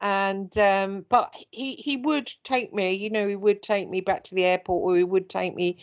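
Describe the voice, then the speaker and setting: Animated middle-aged Englishwoman telling a story. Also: mid-range voice, moderate pace, lo-fi sound. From England. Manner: animated storyteller who acts out quoted speech. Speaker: host telling her story. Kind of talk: casual chat.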